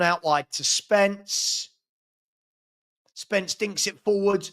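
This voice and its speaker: A man's voice: sits high, extremely slow, fairly bright tone. A man from hosting a live fan watchalong, calling a match with sarcastic exasperation and rueful laughter.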